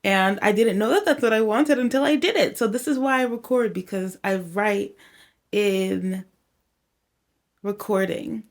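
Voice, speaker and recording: A woman's voice: mid-range voice, measured pace. A woman talking casually to her vlog audience from home while she records her own song. She rambles, says "y'all" and "like" a lot, and sounds slightly out of breath at times. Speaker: songwriter and home producer. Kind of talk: casual vlog talk to camera.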